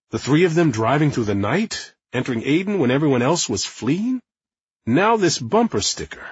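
A man narrating a nonfiction audiobook in a lively, expressive manner. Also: mid-range voice, husky, no room sound, dull audio. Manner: lively, acting out quotes.

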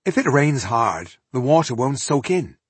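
A man's voice: mid-range voice, big pitch swings, a little slow, breathy edge, no echo, voice pushed up. A man voicing a fussy, theatrical male fourthling with a dramatic, gloomy way of talking. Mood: fretful.

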